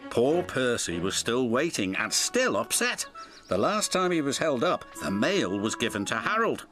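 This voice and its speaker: A man narrating a children's storybook in a gentle, expressive read-aloud manner. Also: medium pitch, moderate pace, soft background music.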